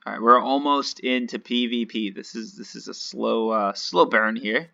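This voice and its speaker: A man's voice: medium pitch, normal speed, vocal fry, sharp tone, dull audio. A man giving casual, rambling, self-mocking commentary while playing a video game. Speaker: gaming video host.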